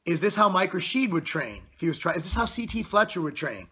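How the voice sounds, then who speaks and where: A bodybuilder in his thirties, a fitness vlogger, unleashes a blunt, profane, intense motivational rant to the camera. His voice is high, husky, pushed and bright, and very animated at a fast pace.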